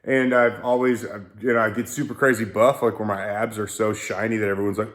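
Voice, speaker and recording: Speaking a little fast in a low voice with little pitch movement, a young man records a casual garage vlog on his phone about his car build. His talk wanders, and he's quick to joke at his own expense.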